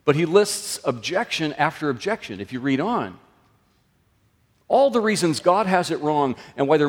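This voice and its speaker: A man preaching a sermon in a conversational way, his voice often rising and then dropping low and soft. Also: sing-song, moderate pace. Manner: conversational, with sudden lifts and drops in pitch and loudness. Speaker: pastor. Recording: long reverb of a large room.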